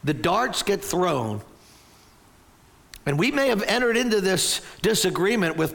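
A man in his sixties preaching a sermon. He tells stories with lively energy, often restarting his sentences and asking rhetorical questions. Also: high-pitched, a little slow, creaky. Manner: animated storytelling with repeated restarts and rhetorical questions. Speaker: pastor.

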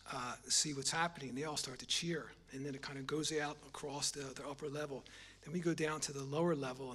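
A middle-aged man preaching a personal testimony sermon, halting and repeating his words, rising in volume on key points. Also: fairly high pitch, a bit bright, husky.

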